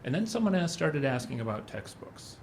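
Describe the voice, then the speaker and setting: A man's voice: on the high side, sing-song, brisk, slight background noise. A middle-aged man speaking at a symposium, telling anecdotes in a loose, conversational way. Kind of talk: conference talk.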